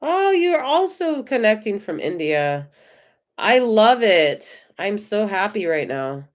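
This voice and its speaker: A woman with an American accent giving tarot readings on a live stream, gentle, effusive and reassuring. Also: mid-range voice, very animated, slow. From United States. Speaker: tarot reader.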